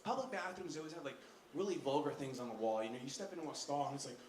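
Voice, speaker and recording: A man doing a stand-up set on a comedy club stage, animated and loud, shouting his punchlines. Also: on the high side, racing. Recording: roomy club with audience noise.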